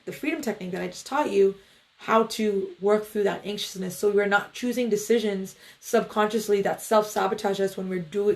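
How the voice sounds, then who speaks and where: A woman meditation coach talks in a relaxed, rambling way to her livestream viewers. Her pitch sits in a middle range, and she leans on fillers and friendly asides. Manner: loose, chatty, filler-heavy, greets viewers. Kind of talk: casual livestream talk.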